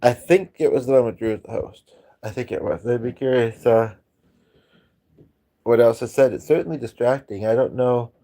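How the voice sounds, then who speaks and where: A man's voice: mid-range voice, moderate pace, dark tone. A man hosting a casual chat stream, rambling and hesitant, with frequent chuckles and filler ums. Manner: hesitant, many ums and restarts, chuckles often. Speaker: host of a music and chat stream.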